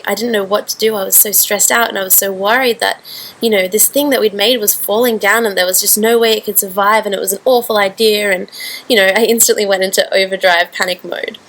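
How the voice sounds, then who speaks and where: Woman, vlog message to her group, earnest and rambly, mid pitch with gravelly fry. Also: fairly bright tone, rough recording. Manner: earnest, heartfelt, rambling with fillers. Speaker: online group founder. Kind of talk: direct-to-camera video message.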